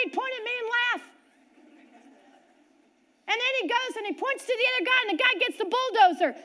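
A middle-aged woman preacher giving a sermon, telling a personal story with lively swings between loud and quiet. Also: very high voice.

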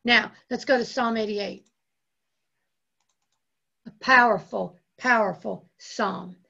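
A woman pastor preaching a sermon with impassioned, drawn-out emphasis and repeated phrases. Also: mid-range voice, gravelly, bright, forceful tone, slightly rough, highs cut off.

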